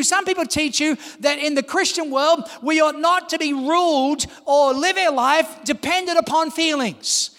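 A man in his fifties, a pastor preaching a sermon with passion, calling out to the congregation and rising to shouts. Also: very high voice, long reverb tail. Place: large church hall.

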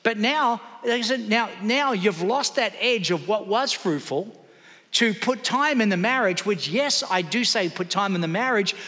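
With a high, sharp voice and lively intonation, a pastor preaches at a slightly slow pace, pausing to call out for responses from his congregation. The church hall adds a long, echoing reverb.

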